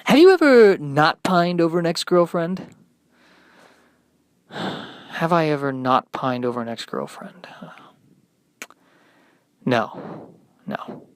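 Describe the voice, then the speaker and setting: A man voicing a gloomy male alt-rock singer who mumbles and sighs quietly. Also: high-pitched, big pitch swings, very slow, long pauses, clear, resonant tone, no room sound, voice pushed up, full character voice. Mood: mopey.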